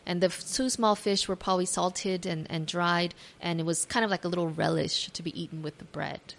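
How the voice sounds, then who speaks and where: A woman giving a devotional talk, reading scripture aloud and retelling the story imaginatively with gentle asides to the listener. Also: on the low side, fairly even intonation, fairly quick. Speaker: devotional speaker.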